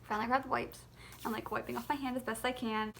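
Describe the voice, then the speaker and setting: A young woman with a slightly high voice tells a casual storytime to camera. She talks expressively, full of filler "like"s and laughs. Faint ambient noise sits under her voice. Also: fast talker, vocal fry. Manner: chatty and expressive, laughs often, many filler "like"s. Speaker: mother and vlogger telling a story.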